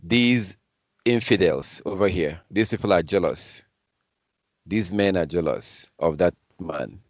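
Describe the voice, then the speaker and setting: A man's voice: low-pitched, a little slow, dry recording, clean studio sound. A man from Africa commenting on news clips as a preacher, in a heated, repetitive and scornful way. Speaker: online preacher.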